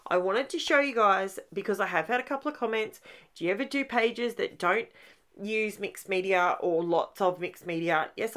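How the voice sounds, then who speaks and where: A woman's voice: medium pitch, fairly bright tone. An Australian woman hosting a scrapbooking channel, giving a chatty, rambling voice-over from her home craft room. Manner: chatty and rambling, with fillers and asides.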